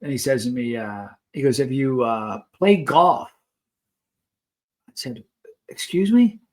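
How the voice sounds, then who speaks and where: Casting: male vlogger, mid pitch, chatty storyteller, snack-tasting asides. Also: lively intonation, unhurried. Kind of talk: casual storytelling while taste-testing snacks.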